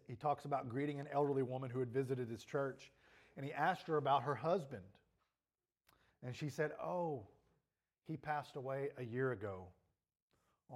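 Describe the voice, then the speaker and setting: A male pastor preaching a sermon earnestly, his voice rising and falling in intensity, with a troubled throat. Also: mid-range voice.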